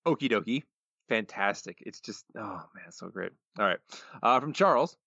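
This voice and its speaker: Man, podcast co-host, joking and opinionated, lively voice, dry muffled recording. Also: fairly low pitch, normal speed, vocal fry, no echo. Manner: reads listener quotes, joking and opinionated. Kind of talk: casual podcast chat.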